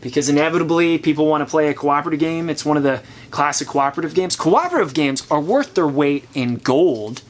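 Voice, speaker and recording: Man, host, casual chat, opinionated, thinking out loud, slightly high voice, faint noise behind. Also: expressive, fairly quick, hardly any pauses. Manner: opinionated, chatty, thinking aloud. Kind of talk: casual chat reviewing board games.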